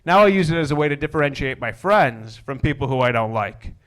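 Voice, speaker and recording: A young man performing a stand-up comedy set, deadpan with wry asides that build into exasperated rants. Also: fairly high pitch, fairly quick. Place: comedy stage before a live audience.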